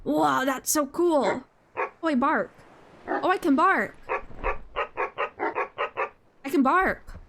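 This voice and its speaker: High, bubbly woman streamer. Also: animated, slow, pauses often, noisy background. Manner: bubbly, gasping, repeats herself playfully. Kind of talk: casual gaming stream chatter.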